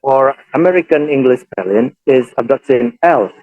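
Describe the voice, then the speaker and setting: A man reads a lesson aloud in a plain, mid-pitched voice. He adds small fillers between his points. The sound is dry and close. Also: animated, moderate pace, no echo, narrow, tinny audio. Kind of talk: reading a class presentation.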